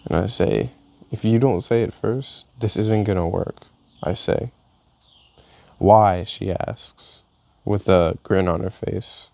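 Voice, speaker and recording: A young man reads entries from his own journal aloud in a casual, halting way, often restarting his sentences. His voice sits low and has a gravelly, rough edge to it. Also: darkish tone. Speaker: vlogger. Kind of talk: reading a personal journal aloud.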